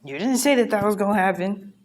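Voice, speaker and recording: A woman's voice: mid-range voice, lively intonation, quick pace. A woman vlogging a casual, reflective monologue, rambling and frank with plenty of profanity, from a hotel room.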